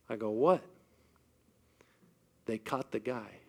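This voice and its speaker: A middle-aged man preaching a sermon, telling personal stories and moving between hushed, quiet passages and loud, emphatic ones. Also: lowish voice, measured pace, creaky, pauses often, breathy edge. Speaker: pastor.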